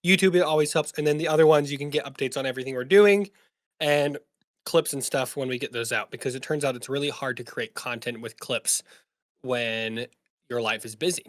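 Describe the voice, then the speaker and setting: A man's voice: medium pitch, brisk, dry recording, studio quality. A man hosting a casual podcast, joking and rambling as he talks. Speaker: podcast host.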